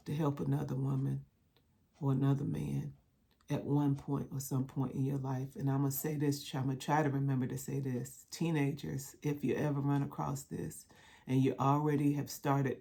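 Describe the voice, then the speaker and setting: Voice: mid-range voice, gravelly, dark tone, breathy edge. A survivor talking straight to the camera in a heartfelt, colloquial way, with a preacher-like habit of repeating phrases. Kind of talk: heartfelt direct-to-camera talk.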